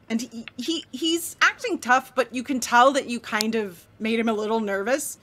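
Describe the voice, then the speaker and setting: A woman running a tabletop game as game master, narrating the scene in a lively storytelling way. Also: fairly high pitch, moderate pace.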